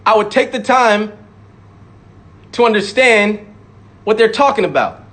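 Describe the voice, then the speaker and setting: His voice sits high with a fairly bright tone, animated yet unhurried, as this rapper gives a fiery, profane monologue. Repeated lines hammer his points, and he lampoons imagined critics with sudden voice changes.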